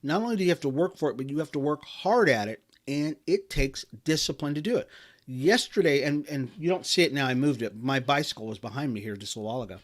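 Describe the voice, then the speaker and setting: A man's voice: fairly high pitch, expressive, quick pace. A middle-aged man hosting a podcast, delivering an emphatic motivational talk with frequent restarts and fillers. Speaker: podcast host.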